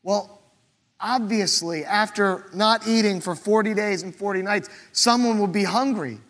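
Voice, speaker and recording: A man's voice: sits high, a little slow, fairly bright tone, long reverb tail. A man preaching a conversational sermon as pastor, posing questions aloud to the congregation.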